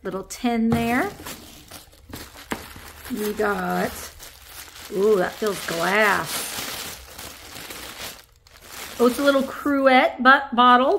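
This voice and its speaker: A woman reselling antiques, chatting casually to viewers as she unboxes finds on camera, easily excited and talking to the objects. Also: a little high, a little hiss or hum. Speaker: antique reseller and shop owner. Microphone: camera on a tripod.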